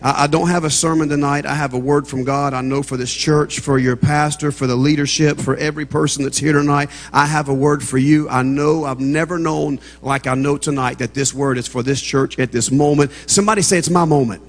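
A man's voice: medium pitch, level tone, fairly quick, few pauses. A man with a Southern American accent, preaching as a guest speaker in a church, joking with the congregation before building into fervent preaching. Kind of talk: humorous sermon opening. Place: church sanctuary. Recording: long church reverb.

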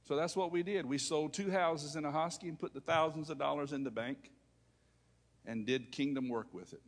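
A man preaching a sermon, swinging between loud preaching and quiet storytelling. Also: fairly high pitch, moderate pace. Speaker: pastor. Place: church sanctuary. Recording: long reverb of a large hall.

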